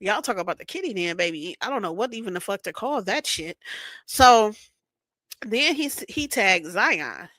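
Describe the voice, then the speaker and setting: Sharp, combative woman ranting. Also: mid-range voice, expressive, moderate pace, no room sound. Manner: combative, sarcastic, swears constantly; keeps checking in with "right?". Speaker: vlogger. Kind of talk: casual profane recap rant.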